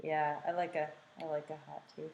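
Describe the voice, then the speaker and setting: A woman's voice: low voice, little pitch movement, brisk, creaky, a little mellow, muffled recording. An American woman chatting casually as co-host, explaining things in a rambling, easygoing way. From United States. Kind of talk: casual chat. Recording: echoey room with faint hiss.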